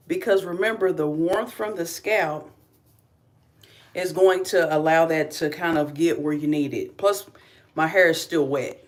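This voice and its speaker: A middle-aged woman from Kentucky with a slight Southern drawl, chatting casually through a hair-care livestream. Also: on the low side. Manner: chatty, talks viewers through each step. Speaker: beauty vlogger.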